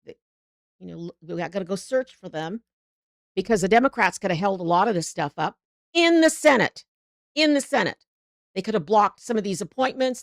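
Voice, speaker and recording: A woman's voice: mid-range voice, no room sound, studio quality. A middle-aged woman hosting a live political show, talking in a heated, rambling way with frequent restarts.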